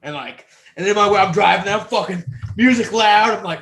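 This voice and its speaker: A fairly high-pitched man in his thirties, from New York, spins a story as a podcast guest. His talk is animated and salty, full of "like" and restarts. The sound is roomy, with a noticeable echo off the studio walls. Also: moderate pace. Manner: profane, animated storyteller, many fillers. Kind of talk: casual storytelling chat.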